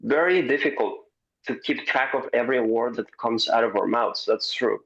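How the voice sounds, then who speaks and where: Animated man coach on a dull call. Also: medium pitch, moderate pace, gravelly. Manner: animated, swears, jokes, hesitant restarts. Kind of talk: casual roundtable chat.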